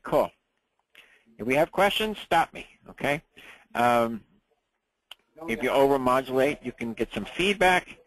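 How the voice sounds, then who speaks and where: A man teaching a ham radio class in a relaxed, chatty way, often checking in with the room. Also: lowish voice, rough recording.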